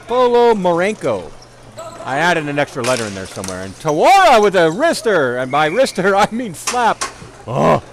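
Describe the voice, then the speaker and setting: A man calling play-by-play for a ball hockey game, rambling into self-deprecating asides between plays and shouting on goals. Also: high-pitched, slight background noise. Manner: excited calls on goals. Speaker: play-by-play commentator.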